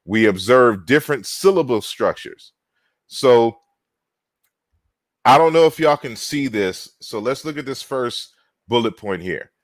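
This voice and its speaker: A man giving an online linguistics lecture, deliberate, spelling out words with frequent fillers and restarts. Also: medium pitch, lively intonation, no room sound.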